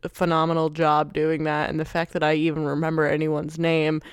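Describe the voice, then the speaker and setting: Smooth-voiced, dry-sounding podcast guy. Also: on the high side, a little fast, no echo. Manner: relaxed, filler-heavy, self-correcting. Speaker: podcast co-host. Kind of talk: casual chat.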